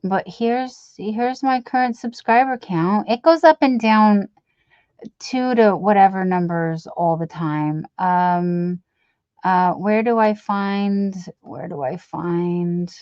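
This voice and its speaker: A woman chatting slowly on a home live stream, rambling as she reads out viewers' messages. Her voice sounds dull and lo-fi. The room is dry and close, with no echo. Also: medium pitch, clear, resonant tone. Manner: rambling, reads chat aloud, self-deprecating. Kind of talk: casual live-stream chat.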